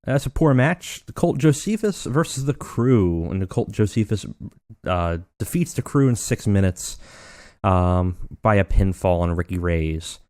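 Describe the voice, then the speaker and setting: A man hosting a let's play, narrating and commenting on a wrestling booking game in a relaxed, rambling way full of fillers. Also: fairly low pitch, measured pace, no room sound, studio quality.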